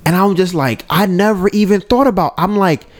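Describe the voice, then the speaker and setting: A man's voice: sits high, normal speed. A man co-hosting a podcast, telling a personal story in a casual, conversational way and often checking in with his listeners. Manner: animated, acts out his own and others' lines. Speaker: podcast co-host.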